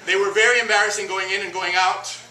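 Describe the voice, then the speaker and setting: A man from Miami performing an animated, self-mocking comic monologue on a theater stage. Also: high-pitched, fast talker, recorded from a distance, a crowd in the background. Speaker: solo performer. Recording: roomy stage taped from afar, noisy.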